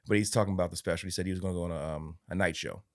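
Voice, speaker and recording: A man's voice: sits low, steady tone, rapid-fire, no echo, clean studio sound. A man co-hosting a podcast, rambling through stories in casual chat with plenty of fillers and swearing. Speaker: podcast co-host.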